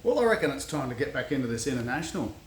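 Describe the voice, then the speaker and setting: A man's voice: medium pitch, very animated, very fast, a little hiss or hum. An Australian man in a home workshop shed, talking through his truck build in a laid-back, rambling, self-deprecating way. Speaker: custom car builder. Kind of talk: casual workshop vlog.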